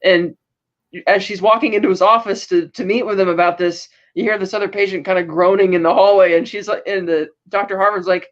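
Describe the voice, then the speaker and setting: A woman's voice: medium pitch, steady tone, brisk, dull audio. A woman co-hosting a podcast, casually recapping episodes in a rambling way and acting out quotes. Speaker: podcast co-host.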